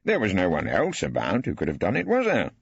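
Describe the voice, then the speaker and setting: A wry old barrister, voiced by a male reader, cross-examines with arch, ironic courtesy. His husky voice swoops widely in pitch, recorded dry and a little dull. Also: wildly swooping pitch, brisk, heavily acted. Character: wry elderly male barrister, mock-polite. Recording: dry, slightly dull studio.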